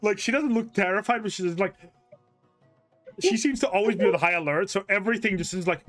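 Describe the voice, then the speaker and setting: A young man narrating as game master, animated, full of fillers and laughter. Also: high-pitched, moderate pace, soft background music.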